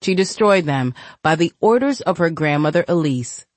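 A woman's voice: low voice, moderate pace, no echo. A woman narrating a gritty novel as an audiobook, reading expressively. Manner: expressive, voices each character. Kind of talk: scripted narration.

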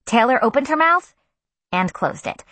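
A woman narrating a first-person audiobook in a soft, gentle storytelling manner. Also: high voice, expressive, normal speed, dry recording.

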